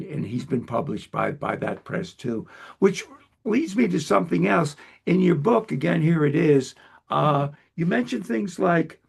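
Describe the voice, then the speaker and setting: A man from Long Island hosting an interview in a chatty, self-deprecating way, quick to laugh. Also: mid-range voice, creaky, a little mellow, husky. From Long Island, United States. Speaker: host. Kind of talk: conversational interview.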